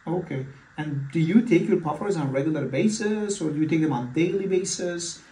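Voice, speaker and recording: A man's voice: a little high, fairly quick, warm tone. A man acting as a physician in a mock patient consultation, talking hesitantly with many fillers and restarts. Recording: echoey room, far from mic.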